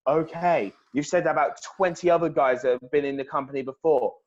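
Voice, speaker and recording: A man's voice: on the high side, a little fast, a little mellow. A man co-hosting a casual review podcast who rants with profane exasperation. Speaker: podcast co-host. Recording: slightly dull lo-fi audio.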